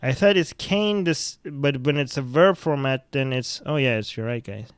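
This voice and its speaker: A man's voice: mid-range voice, normal speed, clear, resonant tone, no room sound. A man who speaks English as a second language hosts a podcast, giving blunt, profane commentary on the news and reading out viewer comments. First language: not English. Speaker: podcast host.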